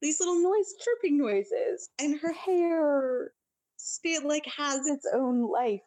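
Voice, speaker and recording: A woman chatting casually as a podcast co-host, recapping a movie scene by scene in a lively, filler-filled way. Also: high voice, slow, dry recording, poor audio. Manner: chatty, animated, lots of fillers.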